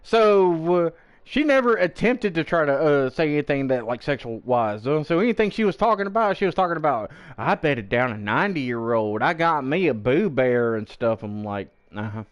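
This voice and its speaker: Profane, animated male streamer telling a story. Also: on the high side, moderate pace, clean tone, highs cut off. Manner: profane, animated, acts out quoted people in the story. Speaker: gaming streamer. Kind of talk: casual storytelling chat on stream.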